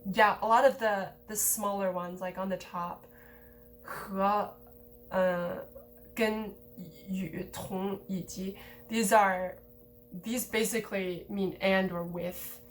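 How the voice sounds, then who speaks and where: A woman's voice: medium pitch, takes it slowly, slight background noise. Casual woman explaining grammar. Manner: relaxed, conversational, frequent "like" and "um" fillers. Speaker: language teacher.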